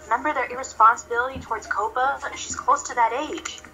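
A woman's voice: on the high side, fairly even intonation, a little fast, bright, forceful tone, soft background music, rough recording. A woman voicing a firm, motherly lioness queen in a storybook reading.

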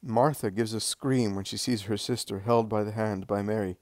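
Male devotional reader, low-pitched, calm, dry close recording. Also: no room sound. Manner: calm, unhurried, occasional slips and restarts. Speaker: audiobook reader. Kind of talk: devotional scripture-style reading.

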